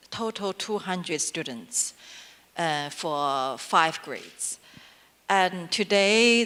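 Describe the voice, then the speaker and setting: A woman from China speaking English with a Chinese accent as an artist on a panel, halting with many fillers. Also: lowish voice, a bit bright, clear, resonant tone.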